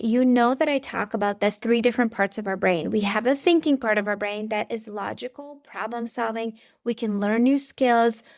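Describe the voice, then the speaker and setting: Woman, thirties, podcast host. Earnest, chatty delivery straight to listeners, somewhat high voice, dry close sound. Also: dry recording. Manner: earnest, conversational, speaks directly to listeners. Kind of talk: faith-based parenting podcast monologue.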